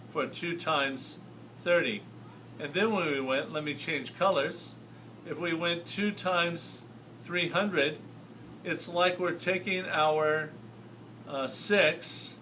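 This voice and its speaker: Slow, bright-voiced male teacher. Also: a little high, distant mic, slight background noise. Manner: patient, checks understanding with tag questions. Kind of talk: classroom math lesson.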